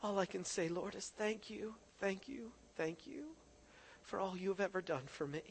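A man preaching a sermon, moving between hushed prayer and impassioned, rising appeals to the congregation. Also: sits high, normal speed, a little hiss or hum. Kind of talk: sermon with altar-call prayer.

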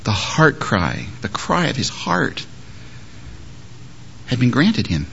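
A man preaching a sermon with a very lively, animated pitch. He swings from loud, pressing emphasis to hushed, gentle asides. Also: slow, vocal fry, dull audio, slight background noise. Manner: lively, shifts between loud emphasis and soft quoted words. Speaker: pastor.

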